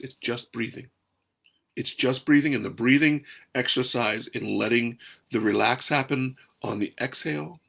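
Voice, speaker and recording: Man, calm guided breathing talk, soft-spoken, gravelly tone, outdoors. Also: fairly low pitch. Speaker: host.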